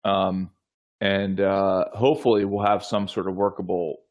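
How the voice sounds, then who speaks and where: A man with a low voice hosts a podcast in a casual way. He hesitates a lot, fills pauses with ums and often starts his sentences over. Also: little pitch movement, darkish tone. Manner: hesitant, lots of ums and restarts. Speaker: podcast host. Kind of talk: casual chat.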